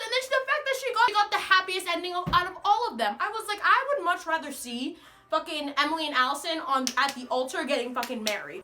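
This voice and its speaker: Bright high-voiced young woman ranting. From United States. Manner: animated, profane, exasperated. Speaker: vlogger. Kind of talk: ranting casual monologue.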